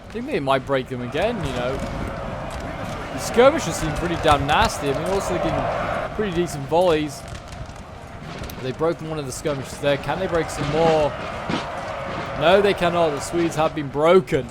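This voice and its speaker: A man with a slightly raised pitch talks through a strategy game battle in chatty play-by-play, dropping wry asides as the fight unfolds. A clear bed of background noise sits under his voice-over. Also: moderate pace, pauses often. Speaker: gameplay commentator.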